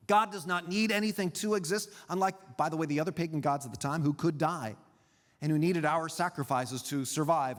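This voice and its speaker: A man preaching a sermon as a pastor, teaching in an animated way with pauses and emphasis. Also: mid-range voice, big-room sound. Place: church sanctuary.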